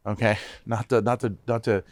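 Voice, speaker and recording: A man, a tech company CEO, guesting on a casual podcast, energetic and repeating his words as he speaks straight to listeners. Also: lowish voice, a little fast, no room sound.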